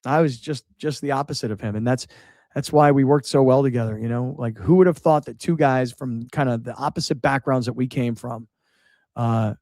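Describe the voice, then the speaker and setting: A middle-aged man hosting a radio show, remembering a late friend in halting speech that repeats words and shifts between sadness and laughter. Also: medium pitch, darkish tone, no echo, clean studio sound. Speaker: radio host. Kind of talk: emotional on-air remembrance.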